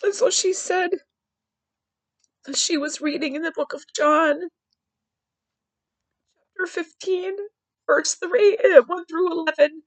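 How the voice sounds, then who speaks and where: A woman with a high voice tells a personal story on her podcast. She speaks earnestly and from the heart, often restarting her sentences. The sound is close and dry, with no room around it. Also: fairly even intonation, slow, pauses often, dry recording, low-quality recording. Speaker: podcast host.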